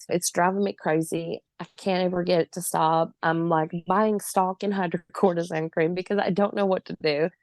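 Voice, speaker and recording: A woman's voice: mid-range voice, creaky, darkish tone, no echo. A woman in her forties, a podcast guest, telling her own story in vivid, emphatic detail with occasional laughs.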